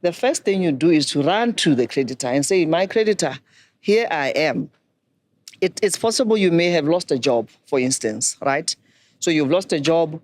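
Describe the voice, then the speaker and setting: A middle-aged woman, a banking expert giving measured, instructive advice. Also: sits low, a little mellow, slight background noise. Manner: measured, instructive, poses questions to listeners. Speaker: banking and microfinance expert guest. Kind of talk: explanatory advice talk.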